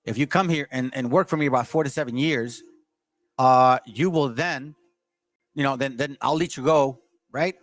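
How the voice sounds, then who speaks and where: A man's voice: mid-range voice, moderate pace. A man hosting his channel, reading aloud from a history book and stopping to argue with his audience in a combative, lecturing way. He stumbles and restarts as he reads. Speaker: channel host.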